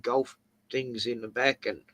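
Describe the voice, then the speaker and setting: A man's voice: medium pitch, fairly even intonation, measured pace, fairly bright tone. A man with an Australian accent hosting a casual chat, rambling through anecdotes with chuckles. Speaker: host.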